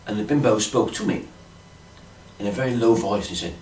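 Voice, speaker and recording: A man's voice: lowish voice, moderate pace, darkish tone, echoey room, distant mic, a little hiss or hum. A man telling a rambling comic monologue in a dotty, fussy manner, full of "you see" asides. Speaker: comic storyteller.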